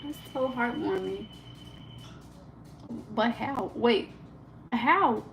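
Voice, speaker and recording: A young woman, hosting a casual live stream from her kitchen, animated and full of "like" fillers. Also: a little high, drawn-out words, vocal fry, noisy background. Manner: chatty and animated, lots of "like" fillers, laughs often. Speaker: livestream host. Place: home kitchen.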